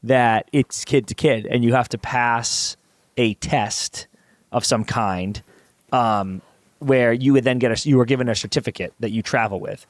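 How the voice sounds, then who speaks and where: A man's voice: medium pitch, fairly even intonation, measured pace, no room sound. Young man spinning absurd hypotheticals. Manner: spins absurd hypotheticals, laughs often. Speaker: podcast co-host. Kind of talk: casual comedic podcast banter.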